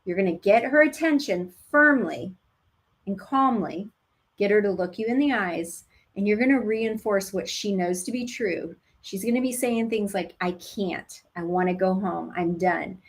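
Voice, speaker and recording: A woman who is a labor nurse, casually teaching expectant parents in a direct, animated coaching tone. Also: mid-range voice, moderate pace. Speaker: labor nurse and childbirth educator.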